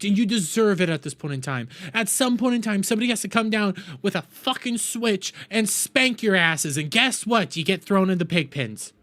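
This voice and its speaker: A man from the United States rants angrily on his live stream, his voice sitting fairly high. He swears constantly, raises his voice to a shout, and hammers the same phrases again and again. Quiet music plays faintly behind him. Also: moderate pace, hardly any pauses. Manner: furious, profane, shouting and repeating himself. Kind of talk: angry live-stream rant.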